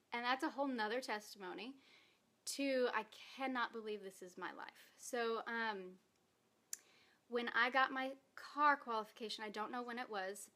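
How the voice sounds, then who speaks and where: A direct sales distributor gives an earnest, emotional testimony on her vlog, reading her own post while holding back tears. Her voice is fairly high, pushed and bright.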